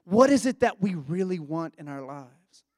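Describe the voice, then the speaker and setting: A man's voice: sits high, sing-song, normal speed, dry recording, clean studio sound. A man preaching a sermon in a conversational, reflective way, often asking his listeners questions.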